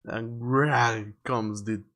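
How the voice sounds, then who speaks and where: Guy streaming a game, slow drawly narration, dry asides. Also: medium pitch, steady tone, bright, forceful tone. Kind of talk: reading a game story aloud, live stream.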